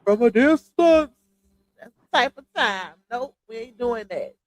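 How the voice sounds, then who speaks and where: A woman's voice: on the high side, animated, unhurried, rough recording. Congested woman hosting a live chat. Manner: chatty, addresses viewers as y'all. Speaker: host of a live stream. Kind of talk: casual live-stream chat. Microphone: earphones with mic.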